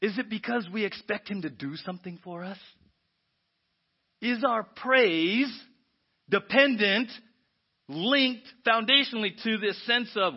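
A man preaching a sermon as pastor, animated and often asking the congregation "right?". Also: high voice, unhurried, slightly rough. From United States. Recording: dull lo-fi church audio.

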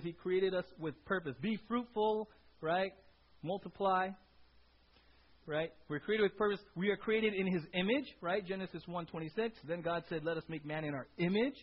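A man preaching a sermon in a conversational way, asking his listeners questions and tagging his points with "right?". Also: high-pitched. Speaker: pastor. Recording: dull lo-fi sound.

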